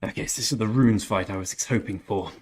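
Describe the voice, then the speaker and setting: A man's voice: on the low side, fast, a little mellow, slightly rough. A young man giving casual, jokey commentary while live-streaming a strategy game and chatting with viewers. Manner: chatty, jokey, reads out chat messages. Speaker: gaming streamer.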